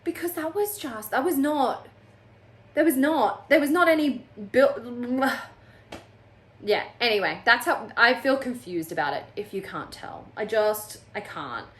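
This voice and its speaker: Slow-talking exasperated woman book reviewer. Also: fairly high pitch, expressive, a bit bright. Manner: exasperated, sarcastic, mocks characters in quotes. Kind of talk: casual video review.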